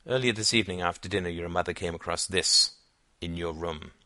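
A man's voice: low voice, brisk, pushed and bright, dry recording. A man voicing a middle-aged father in an audiobook, fatherly and lecturing. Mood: grave. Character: middle-aged father, music lover, stern. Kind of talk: audiobook character voice.

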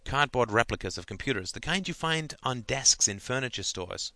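A man narrating a novel aloud in a measured, dryly humorous way. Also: medium pitch, animated, bright, forceful tone, no echo. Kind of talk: audiobook narration.

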